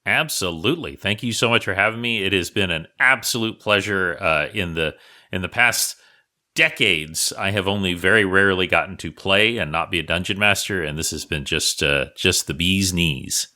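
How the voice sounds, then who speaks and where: A low-pitched man with a sharp, forceful edge to his voice describes his character's actions at a role-playing table. He speaks thoughtfully and courteously as a guest player. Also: normal speed.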